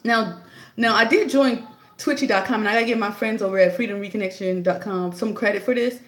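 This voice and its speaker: A young adult woman vlogging a casual, chatty opinion monologue, telling her story in an animated way. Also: brisk, roomy sound. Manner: chatty, animated storytelling, jumps high to act out her own quotes.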